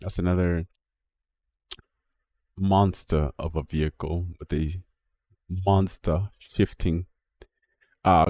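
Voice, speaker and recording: A man's voice: low-pitched, darkish tone, no echo. A man hosting a car video, chatting casually and swearing freely as he goes through a list of cars. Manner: chatty, swears, laughs at himself. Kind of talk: casual commentary.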